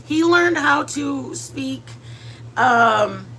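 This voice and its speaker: A woman's voice: sits high, expressive, very slow, pushed and bright, slight background noise. A woman hosting a home cooking vlog, chatting casually in a rambling way with lots of fillers and restarts and dropping in Spanish words. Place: home kitchen.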